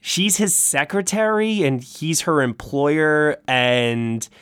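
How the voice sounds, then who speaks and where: A man hosting a casual film review chat, talking haltingly with frequent restarts and repeated words. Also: a little high, fairly bright tone, clean tone, no echo, studio quality. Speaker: film review podcast host.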